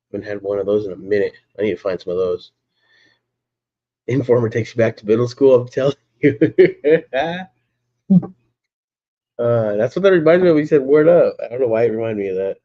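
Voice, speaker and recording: A man's voice: mid-range voice, dark tone, muffled recording. A man hosting a casual live stream, chatting in a laid-back way, greeting viewers by name and laughing often.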